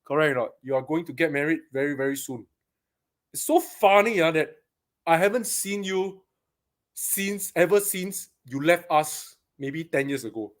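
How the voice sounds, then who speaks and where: A man's voice: fairly high pitch, expressive, normal speed. Live-stream host: Singaporean man, upper-ish voice, chatty, laughs easily, greets viewers by name. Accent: Singaporean English. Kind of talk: casual live-stream chat. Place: paintball shop.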